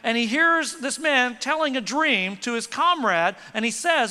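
A man preaching a lively sermon with quick asides, leading the congregation in call and response. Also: extremely high pitch. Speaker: pastor. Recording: reverberant church hall.

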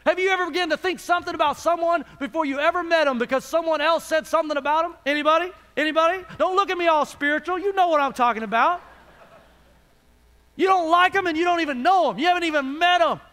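A male pastor delivers a sermon in a very high, bright, forceful voice. He keeps calling out questions to the congregation and swings between booming appeals and quiet asides. His voice rings out with a long reverb, as in a large church hall. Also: fast talker. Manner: calls out to the congregation, rhetorical questions, swings from loud to hushed.

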